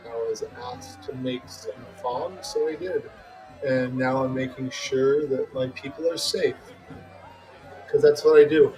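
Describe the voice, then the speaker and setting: A man voicing a calm, dutiful male bouncer type who speaks plainly, in a tabletop game. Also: medium pitch, measured pace, soft background music, some chatter behind, lightly acted, poor audio. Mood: matter-of-fact. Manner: plain, matter-of-fact.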